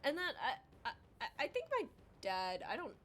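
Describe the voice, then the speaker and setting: A woman's voice: a little high, huge pitch swings, normal speed, fairly bright tone. A young woman chatting casually on a livestream while she draws, rambling and self-deprecating, with lots of filler words and playful exaggerated quotes. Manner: acts out quoted voices in exaggerated tones. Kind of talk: casual chat while drawing on stream.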